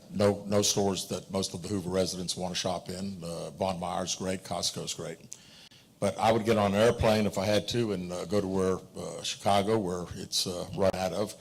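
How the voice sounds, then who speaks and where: Low, gravelly man. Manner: halting, many fillers and restarts. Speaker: mayoral candidate. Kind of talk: forum answer.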